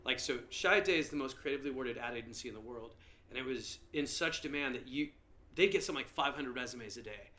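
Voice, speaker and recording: A male comedian guest telling stories in a casual podcast interview with an animated, lively manner. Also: medium pitch, fast talker.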